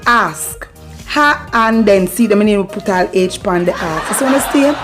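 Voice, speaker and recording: A woman's voice: mid-range voice, normal speed, soft background music. Playful Jamaican woman teaching patois. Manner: playful, animated, calls out repeated phrases. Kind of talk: casual teaching vlog.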